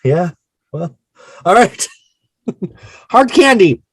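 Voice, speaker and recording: A man's voice: high-pitched, very animated, very slow, husky, no room sound. A man hosting a casual album-discussion podcast, chatty and self-mocking. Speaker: podcast host.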